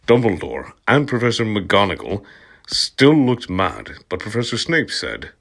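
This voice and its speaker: A man's voice: deep voice, sing-song, measured pace, husky. A man giving an amused, comic reading of a story, breaking off to laugh and comment, sometimes dropping to a whisper. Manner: drops into soft whispers at times. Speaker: channel host reading aloud. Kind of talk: comic reading of fan fiction, ASMR.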